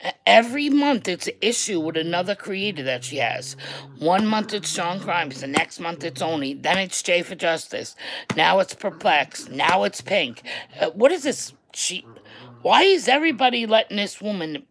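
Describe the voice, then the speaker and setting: Blunt, loud New York woman ranting. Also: on the low side, big pitch swings, normal speed, poor audio. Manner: loud, blunt, repeats herself for emphasis, swears. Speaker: online creator. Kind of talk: livestream rant to viewers.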